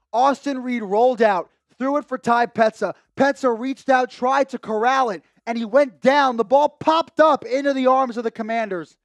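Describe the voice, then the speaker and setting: A young man hosting a live sports stream, chatting casually about the game and shouting with excitement at big moments, a little hoarse from losing his voice. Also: very high-pitched, no echo, clean studio sound. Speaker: sports livestream host. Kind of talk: live game commentary and chat. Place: home streaming setup with a monitor.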